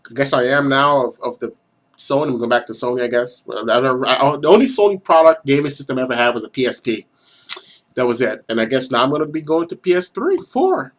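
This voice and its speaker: A young man ranting excitedly to his viewers as a gaming vlogger, animated and swearing, with lots of stumbling restarts. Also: medium pitch, a little fast. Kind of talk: excited rant to camera.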